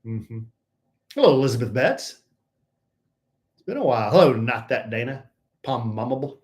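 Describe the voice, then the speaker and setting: Lively, teasing man greeting chat viewers. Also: mid-range voice, normal speed, heavy background noise. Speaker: co-host of a live stream. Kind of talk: casual live-stream chat.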